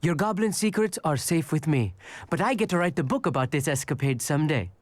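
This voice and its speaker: A man's voice: on the high side, animated, fairly quick, no echo, natural voice. An actor playing a nervous, bookish young man in a video game, with a wordy, theatrical manner. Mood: fretful. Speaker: game character. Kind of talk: voiced game dialogue.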